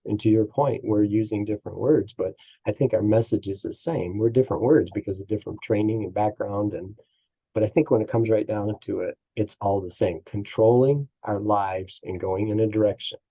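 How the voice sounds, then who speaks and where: A man's voice: fairly low pitch, fairly even intonation, normal speed, vocal fry, dark tone, slightly rough, low-quality recording. A man speaking as an interview guest and business coach, telling folksy stories with chuckles. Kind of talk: casual interview talk.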